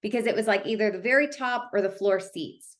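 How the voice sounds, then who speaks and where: A woman's voice: medium pitch, a little fast. Chatty woman telling a story on stage. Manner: chatty, animated, lots of "like" fillers. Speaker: motivational speaker. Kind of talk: storytelling talk to an audience.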